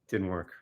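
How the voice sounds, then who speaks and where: A man, chatting casually on a livestream, giving exasperated, wry running commentary to viewers. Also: muffled recording. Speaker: livestreamer signing autographs.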